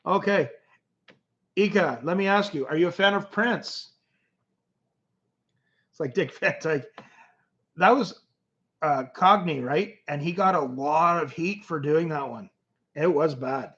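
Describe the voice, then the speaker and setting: A man from Canada hosts a relaxed livestream, reading comments and wandering through stories with many restarts. His slightly high voice has a fairly bright tone, and he talks a little slowly, pausing often. The recording is dull and lo-fi.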